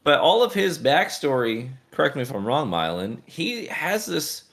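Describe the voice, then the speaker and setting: A man co-hosting a casual podcast, thinking through questions in a measured, reflective way. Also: fairly high pitch, big pitch swings, fairly bright tone. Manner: thoughtful, questioning. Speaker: podcast co-host. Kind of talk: casual chat.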